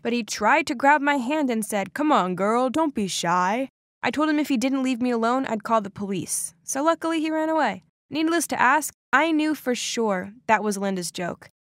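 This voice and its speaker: A woman narrating a first-person animated story in an expressive, dramatic way. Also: sits high, no echo, clean studio sound.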